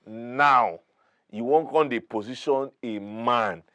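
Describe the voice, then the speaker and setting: A man's voice: mid-range voice, takes it slowly, sharp tone. A man with a Nigerian accent, a guest in a talk-show debate, arguing his side in an emphatic, preachy way. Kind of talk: heated debate argument.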